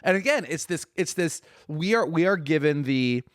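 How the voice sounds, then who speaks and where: A man's voice: a little high, animated, moderate pace, no echo, studio quality, soft background music. A man in a casual podcast film discussion, chatty and emphatic, swearing casually as he makes his points. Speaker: podcast guest.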